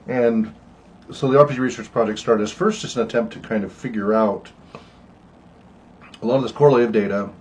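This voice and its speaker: A man's voice: lowish voice, a little fast, long pauses, slightly rough. An older man hosting an online meeting about his research project, talking casually with many ums and uhs, wheezy and coughing from asthma. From United States. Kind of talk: casual informative talk.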